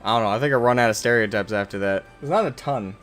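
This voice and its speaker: An American man with a fairly low, somewhat bright voice talks fast over soft background music. He's live-streaming a game and chatting casually with viewers, rambling, correcting himself, and joking with the chat.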